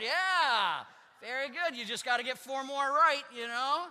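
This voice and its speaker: A man's voice: extremely high pitch, animated, measured pace, pushed and bright. A middle-aged man preaching as a pastor in a joking, conversational sermon, teasing the congregation with self-mocking asides. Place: church sanctuary. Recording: long church reverb.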